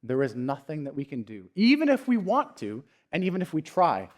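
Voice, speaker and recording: A young adult man with a notably high voice delivers a church sermon. He tells stories earnestly, sinking to near-hushed lines and then lifting into raised, emphatic passages. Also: wildly swooping pitch, a little fast. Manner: earnest, storytelling with dynamic swings from hushed to raised. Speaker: pastor.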